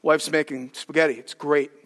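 A preacher putting on an easygoing freed slave, a man who talks in loose, slangy speech. The voice sits lower than the preacher's own and rings in a reverberant hall. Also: little pitch movement, moderate pace, a bit bright, natural voice.

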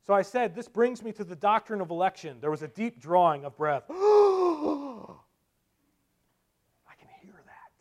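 A man preaching a sermon, moving between loud emphatic delivery and quiet, low asides. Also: lively intonation, fast talker. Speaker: pastor.

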